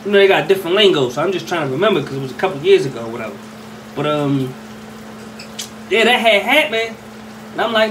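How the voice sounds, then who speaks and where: A man's voice: fairly high pitch, animated, fast, long pauses. A young man from Philadelphia telling a street story casually, rambling with street slang and constant "you know what I mean". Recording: slightly distant mic with faint ambient noise.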